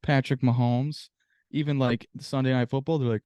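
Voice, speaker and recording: A man's voice: medium pitch, moderate pace, a little mellow, dry recording. A man co-hosting a casual sports podcast, venting in a profane, exasperated rant. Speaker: podcast co-host.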